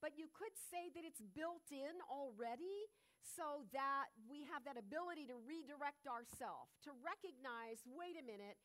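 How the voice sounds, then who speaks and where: A woman's voice: high-pitched, lively intonation, measured pace, few pauses, fairly bright tone. A woman giving a spiritual talk and telling a story, meandering with frequent fillers and restarts.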